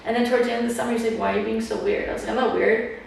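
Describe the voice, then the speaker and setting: A woman's voice: a little high, level tone, rapid-fire, creaky, a little mellow, far from the mic, slight background noise. A young woman hosting a podcast in casual chat, leaning on "like" and acting out what people said. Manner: chatty, fills talk with "like", acts out quotes. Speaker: podcast host. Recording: echoey room, voice a bit off-mic.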